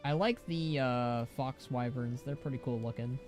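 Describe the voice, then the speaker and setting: A man's voice: medium pitch, moderate pace, a little mellow, faint music behind. A man casually commenting while streaming a game, with chatty, jokey asides. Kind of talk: casual live gameplay commentary.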